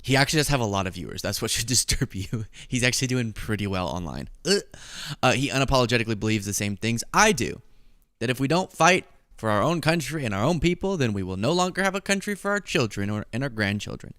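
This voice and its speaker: A man's voice: medium pitch, lively intonation, fast, fairly bright tone, clear, resonant tone, dry recording, clean studio sound. A man hosting a political commentary show, talking casually in a sarcastic, mocking way and laughing at his own jokes.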